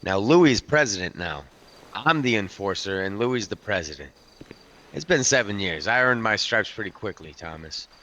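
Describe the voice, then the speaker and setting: A man's voice: on the low side, lively intonation, normal speed, fairly bright tone. A man role-playing a hardened, foul-mouthed biker club enforcer, rambling through a story and calling the listener by name. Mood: tense storytelling. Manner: keeps addressing the listener by name. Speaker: roleplay character telling a story. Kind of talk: improvised game role-play storytelling.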